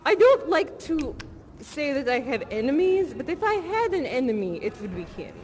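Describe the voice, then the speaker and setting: A woman's voice: sits high, very animated, moderate pace, darkish tone, a little hiss or hum. A woman playing an eccentric acting teacher with a non-American accent, chatty and rambling as she earnestly teaches. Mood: annoyed, gossipy. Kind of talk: improvised live theatre performance.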